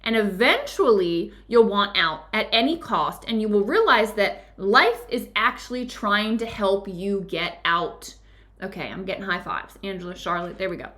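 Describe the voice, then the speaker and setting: Bubbly, chatty woman with a bright voice. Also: mid-range voice, lively intonation, moderate pace. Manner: enthusiastic, chatty, laughs often, many "like" and "right?" asides. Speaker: book club leader and spiritual teacher. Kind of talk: live-streamed book discussion.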